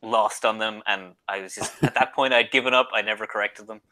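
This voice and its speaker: Podcast guy telling a little story, bit hesitant, bright voice. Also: fairly low pitch, fairly even intonation, a little fast, low-quality recording. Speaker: podcast co-host. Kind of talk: casual chat.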